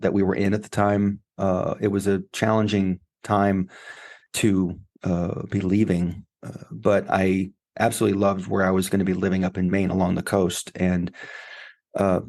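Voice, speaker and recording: A man who coaches and writes, telling a personal story in an interview in a heartfelt, emotional way that grows animated in the retelling. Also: deep voice, normal speed. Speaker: guest, grief coach and author.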